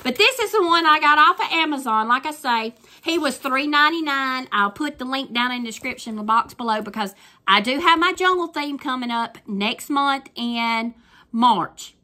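A grandmother with a Southern US accent, chatting warmly and effusively to her viewers about crafts in a casual vlog. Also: high-pitched, expressive, moderate pace. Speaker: crafting vlogger.

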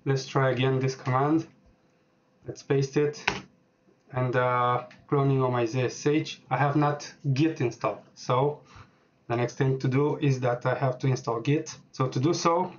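A man walking through a software setup on screen, speaking hesitantly with many filler words as he types. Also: medium pitch, steady tone, measured pace, muffled recording, a little hiss or hum. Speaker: programming tutorial host. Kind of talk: screen-recorded software tutorial.

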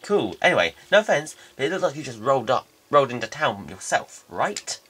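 A man's voice: mid-range voice, sing-song, fairly quick, bright, forceful tone, husky, full character voice. A man voicing a sassy, blunt young female student in a game, talking chattily. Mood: snarky.

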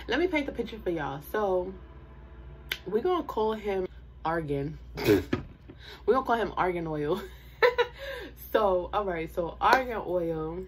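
A woman's voice: fairly low pitch, big pitch swings, slow, long pauses, a little hiss or hum. A young woman telling a storytime to her viewers in a casual, slangy way, with asides and laughs.

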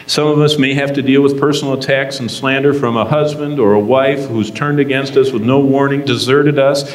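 A man teaching a Bible lesson in sermon style, earnest and emphatic, with dramatic pauses. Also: mid-range voice. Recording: echoey room with long reverb.

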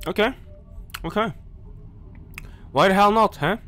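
A man's voice: a little high, sing-song, unhurried, a bit bright. A man commentating a horror game playthrough, jumpy and nervous, talking himself through scares and speaking directly to viewers and game characters. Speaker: gaming YouTuber.

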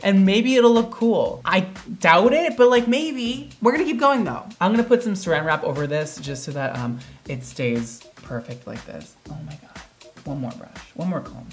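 Dramatic man with a lively voice. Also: sits high. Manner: dramatic, exaggerated reactions, self-mocking. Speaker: hairstylist. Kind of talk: casual hair-coloring vlog.

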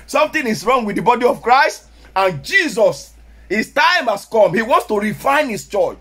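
A man with a Nigerian Yoruba accent, preaching a sermon as pastor, sometimes rising to shouts. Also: very high-pitched, sing-song, normal speed, slightly rough.

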